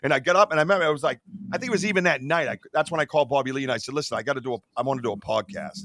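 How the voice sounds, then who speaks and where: Excitable man with a bright, dry voice. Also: mid-range voice, racing, few pauses, no room sound. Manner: excitable, rambling, lots of fillers. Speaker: podcast host. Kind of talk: casual podcast chat.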